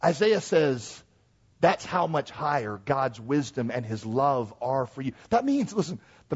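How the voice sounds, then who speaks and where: A man preaching a sermon, swinging from hushed, slowed phrases to loud, rising peaks, with joking asides to the congregation. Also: mid-range voice, sing-song, breathy edge, muffled recording.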